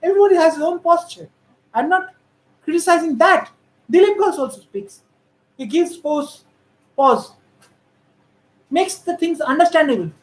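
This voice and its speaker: A woman's voice: very high-pitched, moderate pace, long pauses. A woman giving critical, emphatic political commentary on how politicians speak. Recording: roomy echo.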